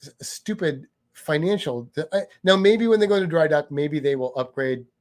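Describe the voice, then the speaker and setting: A man co-hosting a relaxed chat show, rambling along with frequent restarts and self-corrections. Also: on the high side, moderate pace. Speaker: podcast co-host. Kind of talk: casual chat.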